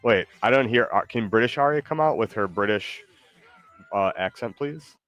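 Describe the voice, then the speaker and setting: Deep-voiced hesitant man over faint music. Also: lively intonation, fairly bright tone. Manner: halting, hesitant, with many fillers and restarts. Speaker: streamer. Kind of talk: casual chat while gaming.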